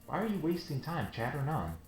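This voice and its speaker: A man voicing a stern, haughty male temple official in a low, scolding tone, over game music in a roomy space. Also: big pitch swings, fast talker.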